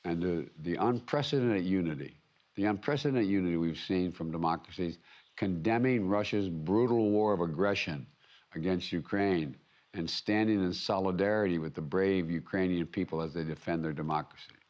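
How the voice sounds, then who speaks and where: An older American man delivering a formal prepared speech as head of state, emphatic and measured, often restarting and repeating words. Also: low-pitched, lo-fi sound. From United States. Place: conference venue.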